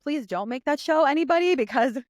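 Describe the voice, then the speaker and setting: A woman's voice: high voice, animated, a little fast, dry recording. Chatty woman co-host, laughs easily, agreeable, dry close mic. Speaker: podcast co-host. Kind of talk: casual chat.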